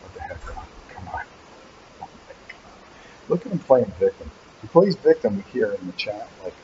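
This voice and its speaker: Male host, lowish dark voice, teasing rambling live chat, muffled webcam audio. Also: expressive, a little fast, noisy background. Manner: teasing, rambling, joking about a helper. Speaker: channel host. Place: animal hospital waiting area.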